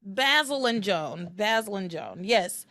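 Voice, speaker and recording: A woman hosting a casual recap podcast, chatty and animated, laughing often and restarting her sentences. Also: medium pitch, a little slow, dry recording. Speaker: podcast host.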